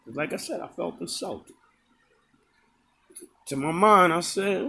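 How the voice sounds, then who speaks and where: A man's voice: high voice, sing-song, slow pace, vocal fry, sharp tone, slightly rough. A man telling a personal story in a casual, rambling way, often stopping to correct and repeat himself. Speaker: storyteller recounting a personal encounter.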